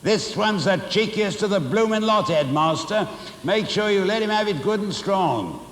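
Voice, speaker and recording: A man voicing a spiteful old woman who screeches in a shrill, gloating voice. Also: animated, normal speed. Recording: roomy hall reverb.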